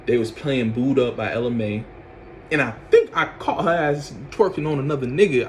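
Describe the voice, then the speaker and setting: Young man, casual storytime vlogger, lively, acts out his reactions. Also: moderate pace, a little hiss or hum. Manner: animated storyteller, acts out his own reactions with loud high outbursts and laughs.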